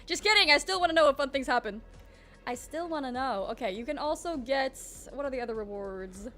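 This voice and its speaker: A woman's voice: high-pitched, brisk, pushed and bright, faint music behind. Groggy, chatty young woman streamer. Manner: chatty and rambling, greeting chat. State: groggy morning voice. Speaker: livestreamer. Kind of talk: casual live-stream chat.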